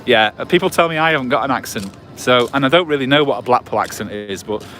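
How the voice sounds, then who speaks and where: With medium pitch, lively intonation, and a slightly fast, somewhat bright delivery, a forty-something Englishman livestreams from a night-time promenade on a phone on a gimbal. He chats casually and meanders, with many fillers and restarts, over slight background noise.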